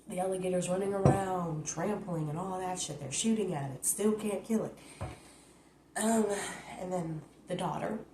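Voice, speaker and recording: A woman's voice: medium pitch, slight background noise. Woman vlogger, mid-range voice, rambling profane recap, echoey phone recording. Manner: blunt, profane, rambling, animated. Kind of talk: casual rant recap.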